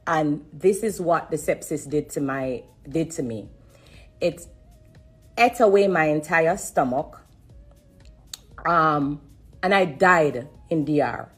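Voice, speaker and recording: A woman giving an emotional testimony on a live stream, religious and repetitive, pausing to breathe and fight back tears. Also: low voice, husky, soft background music. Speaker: live streamer sharing her story.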